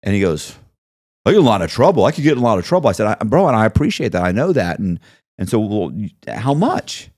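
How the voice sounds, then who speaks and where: A man's voice: lowish voice, very animated, fast, a little mellow, no echo, clean studio sound. A man telling a story in a casual interview, acting out both sides of the conversations he recounts. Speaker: podcast guest telling his story.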